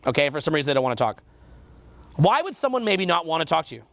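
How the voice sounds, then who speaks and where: A man's voice: on the high side, big pitch swings, quick pace, fairly bright tone, no echo. A man with a Canadian accent teaching a seminar, quizzing the audience and repeating their answers back. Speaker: dating coach.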